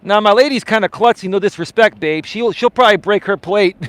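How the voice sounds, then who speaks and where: A man's voice: sits high, a little fast, a bit bright, no echo. A middle-aged man hosting a live coaching stream, chatting casually and telling rambling, profane stories. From Greek-American community. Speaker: life coach, live show host.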